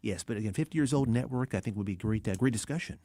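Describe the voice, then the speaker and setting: Fast-talking enthusiastic male radio host. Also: lowish voice, mellow, no echo. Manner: enthusiastic, fast, many restarts. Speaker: radio host, film discussion. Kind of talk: casual radio talk. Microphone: studio microphone.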